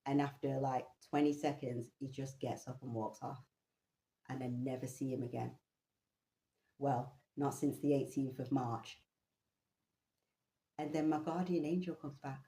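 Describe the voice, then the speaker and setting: A low-pitched woman telling a personal story in an animated way, with casual swearing. Her voice rings out in an echoey room. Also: a little slow, long pauses. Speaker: vlogger.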